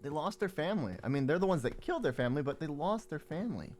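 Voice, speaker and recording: A horror-game streamer thinks out loud in a loose, casual way and swears freely. The pitch rises and falls in a lively way, and the delivery stays chatty and unscripted throughout. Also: quick pace. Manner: casual, swears often, talks to self. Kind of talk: live gameplay commentary.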